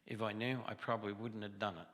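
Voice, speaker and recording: A man's voice: fairly low pitch, level tone, fast, long reverb tail, background noise. A man giving a testimony sermon in a conversational storytelling way, with self-deprecating humor. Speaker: guest preacher. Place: church sanctuary.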